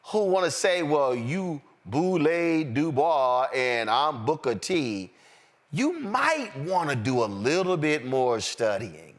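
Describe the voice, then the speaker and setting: A man hosting a panel talk show, speaking with an emphatic, preaching cadence and directing his panelists. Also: medium pitch. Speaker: host.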